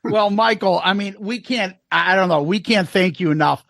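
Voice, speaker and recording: A man's voice: high voice, moderate pace, creaky, a bit bright, no room sound. A male podcast co-host chatting casually and enthusiastically with a guest. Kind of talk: casual interview chat.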